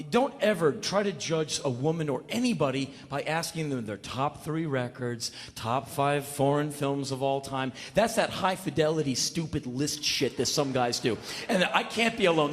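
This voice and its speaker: A male comedian doing a stand-up set, ranting in an animated, mock-shouting way. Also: on the high side.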